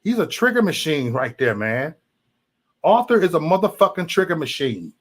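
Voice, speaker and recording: A livestream host with a fairly high, husky voice and big pitch swings rants at his chat at a moderate pace. He's heated and profane, repeating himself often.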